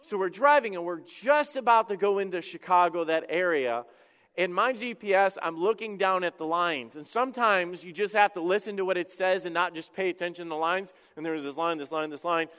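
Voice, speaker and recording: Middle-aged pastor preaching, high clear voice, jokey storyteller, church hall echo. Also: male voice, fairly bright tone. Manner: chatty storytelling with self-deprecating humor and quick restarts. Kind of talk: sermon. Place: church sanctuary.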